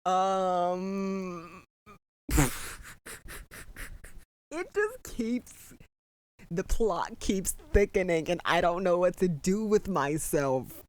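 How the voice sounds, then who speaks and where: A reaction commentator at home at night, talking in animated, disbelieving exclamations while trying to keep the voice down. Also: medium pitch, slow pace, smooth. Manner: holding the voice down at night. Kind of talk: excited first-watch reaction commentary.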